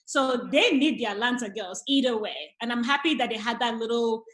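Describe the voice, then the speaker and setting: A woman on a reality TV recap panel, talking in animated, casual chat and repeating words when excited. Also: on the high side, brisk, reverberant, low-quality recording.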